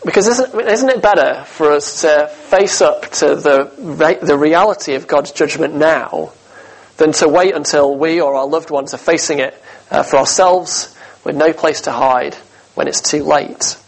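Lively male preacher, slightly high voice. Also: measured pace, rough recording. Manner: lively storytelling with asides and humor. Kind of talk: sermon.

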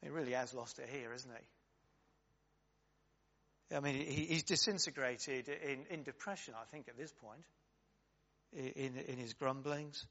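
A man's voice: medium pitch, a little slow, pauses often, a bit bright. A man preaching an earnest, reflective sermon with frequent fillers and asides, recorded in a dull, reverberant church.

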